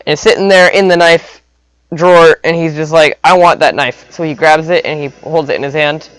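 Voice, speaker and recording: A man's voice: fairly high pitch, fairly even intonation, fairly quick, fairly bright tone, smooth, no room sound, poor audio. A young man rambling through an improvised comic story, full of silly sound effects.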